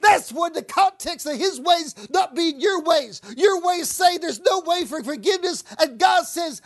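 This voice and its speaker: High-voiced woman preaching with fervor. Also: expressive, a little slow, few pauses. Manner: impassioned, swinging from shouting to whispering. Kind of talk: sermon.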